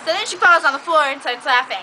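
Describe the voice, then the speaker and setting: Chatty young woman, high voice. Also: pushed and bright. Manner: chatty, bossy toward friend, lots of "like". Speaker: storyteller. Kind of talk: casual story time. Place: outdoors by a trash can. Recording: noisy outdoor recording.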